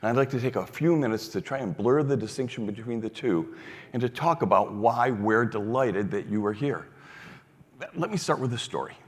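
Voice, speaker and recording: A man's voice: mid-range voice, animated, moderate pace. Older man telling a story on stage. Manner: warm storyteller acting out dialogue, many restarts. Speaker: foundation leader giving a keynote. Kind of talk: storytelling keynote speech. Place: large hall on stage. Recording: long hall reverb.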